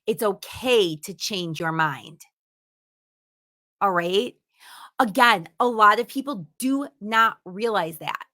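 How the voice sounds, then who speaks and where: A woman's voice: mid-range voice, lively intonation, slow pace, long pauses, sharp tone. A woman giving a motivational teaching talk, speaking emphatically and repeating words for stress. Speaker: instructor.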